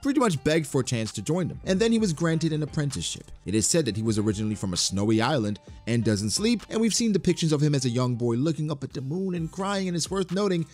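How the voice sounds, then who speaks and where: A man walks through a story timeline in animated commentary. His voice swings widely in pitch, broken up by playful asides. Faint music plays underneath. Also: fast, few pauses. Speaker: YouTube lore commentator.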